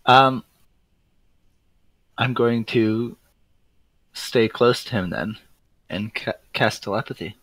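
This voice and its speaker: A man's voice: medium pitch, slow, pauses often, fairly bright tone, dry recording, low-quality recording. A man playing in a tabletop game, hesitant and full of ums. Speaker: player. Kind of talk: casual tabletop play.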